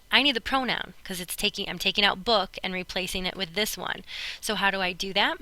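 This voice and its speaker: A woman teacher talks her students through a recorded grammar lesson, patient and clear. Her voice is bright and crisp, with a smooth, resonant tone. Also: mid-range voice, dry recording, low-quality recording. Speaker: Spanish teacher.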